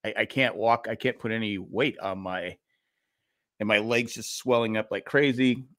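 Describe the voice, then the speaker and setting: A man's voice: on the low side, fairly even intonation, normal speed, fairly bright tone, no echo, studio quality. Rambling middle-aged man telling a story. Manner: rambling storyteller, restarts and laughs. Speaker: podcast co-host. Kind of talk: casual chat.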